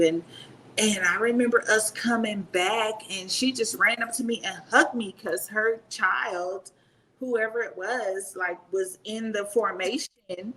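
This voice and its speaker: A woman in her fifties, a retired Army sergeant major, telling stories in a casual interview, animated and laughing as she talks. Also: mid-range voice, unhurried, a little hiss or hum, low-quality recording.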